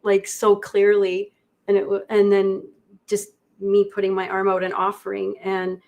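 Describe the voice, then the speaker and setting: A woman guest in a livestream conversation, speaking in a halting, reflective way with many pauses. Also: mid-range voice, monotone, creaky, darkish tone. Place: indoor studio.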